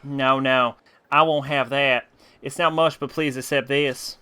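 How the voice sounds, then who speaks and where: A man's voice: mid-range voice, steady tone, unhurried, sharp tone, smooth. A man reading out game villagers' lines in an exaggerated, fake Southern drawl, hammy and tongue-in-cheek. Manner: hammy read-aloud of game dialogue. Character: game villagers, rustic grateful folk.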